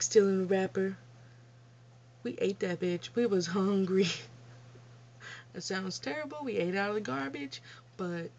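A young woman telling childhood stories in a casual vlog Q&A, blunt and profane, often laughing at herself. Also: medium pitch. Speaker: vlogger. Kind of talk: casual storytelling Q&A. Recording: dull lo-fi home recording.

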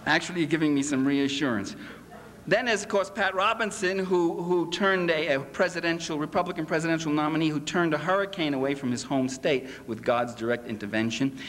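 A man lectures a convention crowd in a sarcastic, mocking tone and slips into acted quotes. His voice sits on the high side for a man. The sound rings with long hall reverb over a faint bed of ambience. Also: brisk, fairly bright tone, slight background noise. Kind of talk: public lecture to a convention audience.

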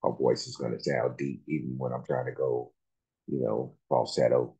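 A man hosting a music reaction video, talking slowly and haltingly with many fillers and restarts. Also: a bass voice, level tone, dark tone, breathy edge, low-quality recording. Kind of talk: casual reaction commentary.

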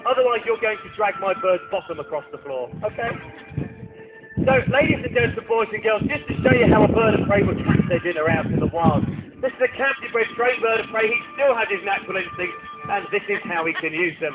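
A cheerful man with a high voice hosts a live falconry display in an outdoor arena, teasing and encouraging the children he brings up from the audience. The sound is thin and phone-like, recorded on a camcorder, with music playing clearly in the background. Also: animated, brisk. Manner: jokey, cheerful, coaxing children. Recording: tinny phone-like camcorder audio with music behind.

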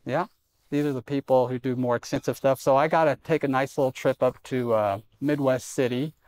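A man's voice: mid-range voice, steady tone, a little fast, a little mellow. A middle-aged man preaching a sermon in a church, conversational and self-deprecating with humor. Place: church sanctuary.

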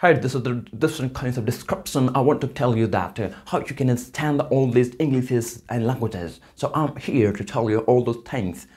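A man's voice: medium pitch, normal speed, hardly any pauses, darkish tone, natural voice. A man imitating a British speaker in a plain, demonstrative delivery.

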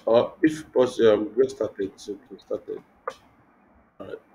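A man's voice: lowish voice, fairly even intonation, unhurried, creaky, mellow, poor audio. A young man teaching web design in a live online class, thinking aloud with many restarts and fillers. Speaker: web development instructor.

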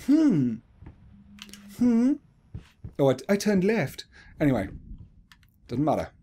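A man's voice: fairly high pitch, sing-song, moderate pace, a little mellow, breathy edge. A young man giving casual commentary as he plays a horror game. He talks to himself, gets jumpy and swears often. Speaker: gaming video creator.

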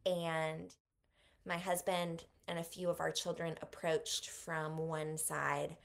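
Interview guest, woman in her thirties, slightly low voice, vivid emotional storytelling, softens and slows at tender moments. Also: level tone, vocal fry. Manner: vivid retelling, speaks softly and slows at moving moments. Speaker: author guest.

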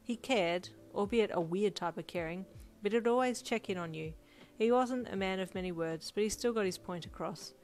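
A woman reading a second-person fan fiction story in an even, steady way. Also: medium pitch, normal speed. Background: faint music.

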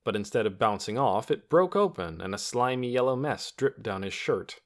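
A man's voice: mid-range voice, animated, moderate pace, few pauses. A man narrating a children's novel as an audiobook, telling the story expressively.

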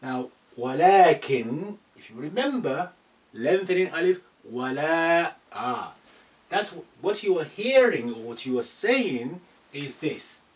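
Guy teaching arabic to beginners, patient, says things over slow, mic a bit far off. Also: fairly high pitch, sing-song. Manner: patient, repeats phrases slowly for learners. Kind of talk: classroom lesson.

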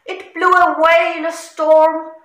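A distressed goat from a picture book, as a woman puts it on, loud and very high with a bleating edge. The bright voice bounces around an echoey room. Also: little pitch movement, takes it slowly, full character voice.

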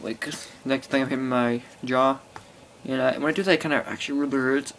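A man's voice: mid-range voice, fairly even intonation, fairly quick, a bit bright. Teen guy rambling into his ipod, lots of ums and cussing, bit of hiss behind. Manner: rambling, full of fillers and swearing. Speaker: vlogger. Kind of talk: rambling casual vlog. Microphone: phone or iPod held close.

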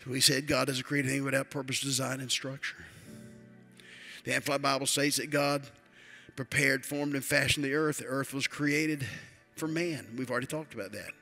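A man's voice: medium pitch, level tone, moderate pace, bright, forceful tone, faint music behind. An older man, a retired pastor, preaching a sermon in a church with emphatic, repetitive declarations.

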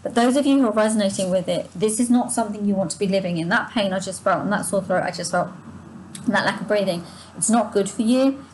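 Talking fast in a mid-range voice over background noise, this woman reads tarot for her viewers off the cuff. Sore-throated and short of breath, she keeps restarting, drifting into asides, and sighing and yawning as she goes.

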